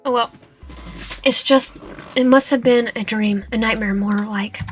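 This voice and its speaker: A woman streaming a visual novel, reading its narration and dialogue aloud with lively reactions, now and then dropping to a whisper. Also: a little high, measured pace, faint music behind. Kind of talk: reading game text aloud while playing.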